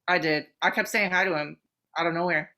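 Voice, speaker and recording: Woman podcast host, bright voice, swears a lot, rambly excited chat. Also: on the low side. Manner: swears freely, fast excited storytelling with many fillers. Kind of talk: casual chat.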